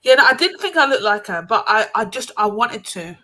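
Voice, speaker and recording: A woman's voice: fairly high pitch, very animated, fairly quick, sharp tone. A woman in a casual group chat, giggly and playfully protesting. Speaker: panel guest.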